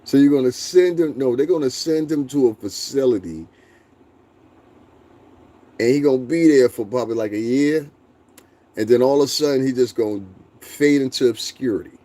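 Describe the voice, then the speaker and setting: A man's voice: medium pitch, moderate pace, pauses often, warm tone. A young man hosting a casual live stream, talking bluntly and profanely, laughing often and answering his chat. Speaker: livestream host.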